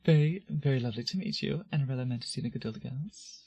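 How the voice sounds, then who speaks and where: A player doing a flirty flamboyant bard, husky. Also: medium pitch, fast talker, a little mellow, dry recording. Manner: theatrical, flirty, sing-song.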